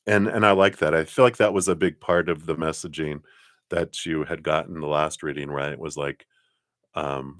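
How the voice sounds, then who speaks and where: A man's voice: low-pitched, dry recording, clean studio sound. A man giving tarot readings on a live stream, rambling with many fillers. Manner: rambling, warm spiritual talk with fillers and laughs. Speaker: tarot reader.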